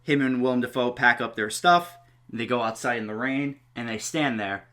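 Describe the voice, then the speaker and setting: A man's voice: mid-range voice, moderate pace, pushed and bright. A man co-hosting a podcast, recapping a horror film's plot in a plain, casual way. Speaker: podcast co-host. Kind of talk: casual film review chat.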